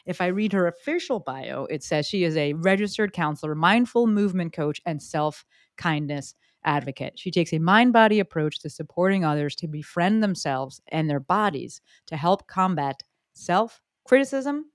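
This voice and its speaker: A woman hosting a podcast, bubbly and joking, with quick asides. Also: on the low side, animated, no room sound, clean studio sound. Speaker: podcast host. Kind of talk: energetic podcast interview.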